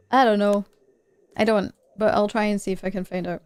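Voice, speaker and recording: A woman's voice: mid-range voice, steady tone, a little fast, a little mellow, smooth, no echo. A woman streaming a game live, chatting and laughing as she plays. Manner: chatty, laughs often, jokes about her accents. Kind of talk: live gameplay commentary.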